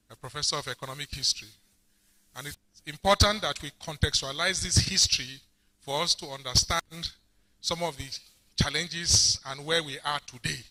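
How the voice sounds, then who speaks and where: A male professor giving a formal conference presentation, measured and hesitant. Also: on the high side, bright, forceful tone, rough recording. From Nigeria.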